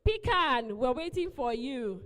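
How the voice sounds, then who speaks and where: Woman event host, high bright voice, keeps coaxing everyone, long hall echo. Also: very animated, unhurried. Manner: coaxing, repeats pleas. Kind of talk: live event emcee announcements.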